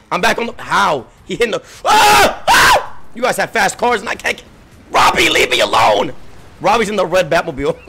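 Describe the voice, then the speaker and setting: A bright, high-voiced man streaming a chase game, his pitch swinging wildly as he yells and laughs at the players after him. He trash-talks freely and his voice is starting to wear out. Game music plays faintly behind him. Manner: frantic, yelling and laughing while playing; profane trash talk. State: voice giving out. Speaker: gaming streamer. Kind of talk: excited gameplay commentary.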